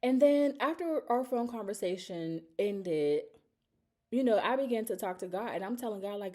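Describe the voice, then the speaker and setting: A woman's voice: medium pitch, animated, normal speed, mellow. A woman, telling a personal story in a candid, emotional, rambling way on her vlog. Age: 30s. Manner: emotional, confessional, rambling with many fillers. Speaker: vlogger.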